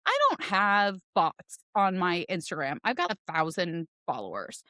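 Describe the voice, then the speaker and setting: A woman in her forties telling a personal story in a casual podcast chat, animated and acting out voices as she goes. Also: lowish voice, normal speed, no room sound, studio quality. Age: 40s. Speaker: podcast guest, realtor.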